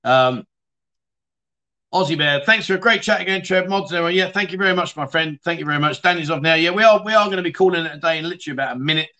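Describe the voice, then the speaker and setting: A middle-aged man from the UK hosts a relaxed livestream, working through viewer comments one after another. He talks in a chatty, blunt way, swears casually and keeps calling people mate. His voice is bright and sits slightly high for a man. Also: quick pace. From United Kingdom. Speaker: livestream host.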